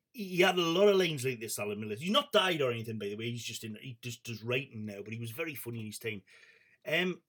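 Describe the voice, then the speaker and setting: A man of middling pitch hosts a relaxed comedy session, reading viewers' one-liners aloud. He chuckles often and fills pauses with ums and loose asides. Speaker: comedy show host. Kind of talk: casual chat reading out viewer comments.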